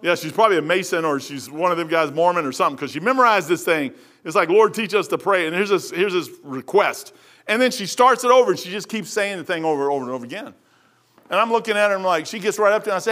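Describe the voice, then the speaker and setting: A man with a Kentucky accent preaches in a high, bright register. He tells stories in a folksy, joking, animated way, his voice swinging up and down as he goes. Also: fast. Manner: folksy, jokey, animated storytelling. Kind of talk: storytelling sermon.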